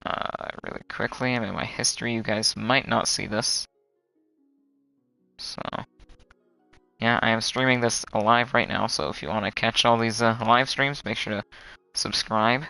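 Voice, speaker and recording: A young man chats his way through a live game stream in a casual, rambling manner and groans loudly at bad luck. His voice is bright and smooth. Faint game music plays underneath. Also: mid-range voice, fairly even intonation, unhurried, long pauses, no room sound, poor audio.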